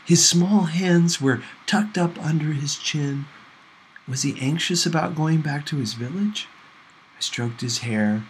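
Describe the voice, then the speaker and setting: A man reading a novel aloud for a class, with measured, gentle first-person narration. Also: fairly high pitch, slight background noise, poor audio. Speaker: audiobook reader for a class.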